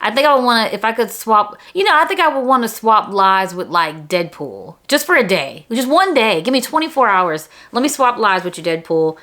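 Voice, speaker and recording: Woman vlogger, casual storytelling, lively, squeaky when quoting herself, mid pitch. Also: a little fast, few pauses. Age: adult.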